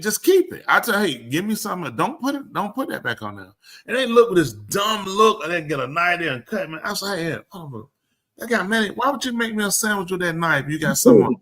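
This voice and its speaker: Animated man telling stories. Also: high voice. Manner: animated, acts out quoted exchanges. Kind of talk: casual storytelling chat. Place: live show studio.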